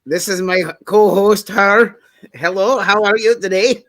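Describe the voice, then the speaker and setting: A man's voice: high voice, fairly even intonation, unhurried, fairly bright tone. A man hosting in an overdone, put-on Scottish accent as a comic bit. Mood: hammy. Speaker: host.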